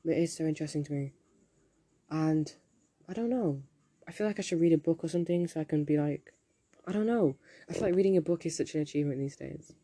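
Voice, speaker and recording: A man's voice: on the high side, fast talker, mellow. A teenage boy, rambling through a casual solo monologue, swearing often and joking at his own expense. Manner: rambling, sweary, self-deprecating, jumps between topics. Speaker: solo podcaster.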